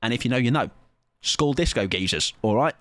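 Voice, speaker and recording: A man's voice: mid-range voice, lively intonation, brisk, a bit bright, dry recording. A young man closing out his stream in casual chat, rambling and self-mocking, rattling off goodnights and plans in a sing-song way.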